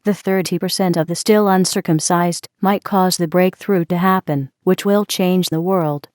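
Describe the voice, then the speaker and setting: A woman narrates a novel in an even, steady reading voice. Her pitch sits a little low. The sound is dry and close. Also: moderate pace, dry recording.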